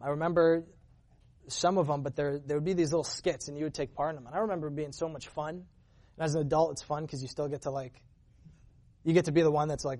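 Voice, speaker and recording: A man tells his own faith story to a church gathering, speaking earnestly and conversationally. His voice sits a touch higher than most men's. He often stumbles, restarts and pads his sentences with fillers as he goes. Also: warm tone. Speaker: church member giving a testimony. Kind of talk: personal testimony storytelling.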